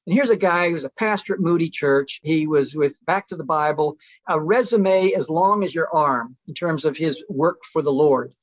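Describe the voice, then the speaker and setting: A man's voice: a little high, normal speed, dry recording, dull audio. A middle-aged man speaking as a guest, telling reflective stories in an earnest, casual way with some restarts. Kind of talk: relaxed storytelling conversation.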